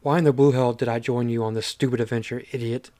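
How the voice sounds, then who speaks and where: A man's voice: mid-range voice, fairly even intonation, fast talker, warm tone, natural voice. A man voicing a grumpy, bossy male chef who insults his partner. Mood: scornful. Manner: insulting, exasperated.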